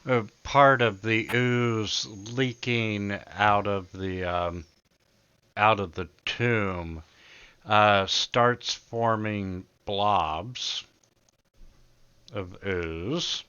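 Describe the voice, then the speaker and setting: A man narrating a tabletop game as game master in a halting way, full of fillers. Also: lowish voice, steady tone, sharp tone, smooth, no echo. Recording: dull lo-fi recording.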